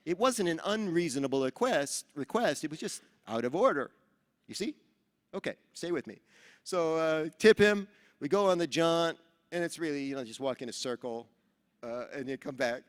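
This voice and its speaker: A man from New York giving a motivational talk at a seminar, telling animated stories and acting out the dialogue. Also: fairly high pitch, moderate pace. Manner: animated storyteller who acts out dialogue. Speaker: Rotary speaker at a training seminar. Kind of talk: motivational speech with storytelling. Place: large event hall. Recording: reverberant hall.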